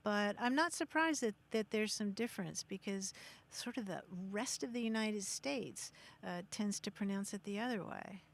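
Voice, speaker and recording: A woman's voice: mid-range voice, moderate pace, vocal fry. A woman from Kentucky co-hosting a radio talk show, asking callers friendly questions and explaining word pronunciations.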